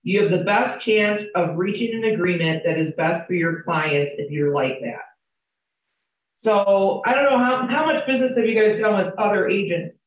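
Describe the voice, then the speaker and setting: In a training room full of real estate agents, a woman teaches in a chatty, candid way, sharing stories and asking the group questions. Her mid-range voice is animated and moderately paced. The recording sounds roomy, distant, and dull, as in a classroom.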